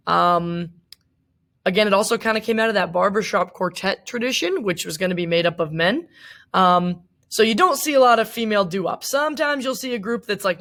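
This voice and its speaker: A woman's voice: lowish voice, a bit bright. A young woman teacher giving a casual recorded lecture, chatty, with many fillers and asides.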